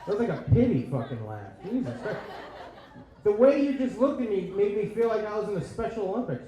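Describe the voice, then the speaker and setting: A man's voice: sits high, sing-song, fairly quick, dark tone. A man doing a crude, self-deprecating stand-up set on a club stage into a handheld mic, riffing with the crowd. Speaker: stand-up comedian. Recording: echoey club with audience. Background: audience laughter.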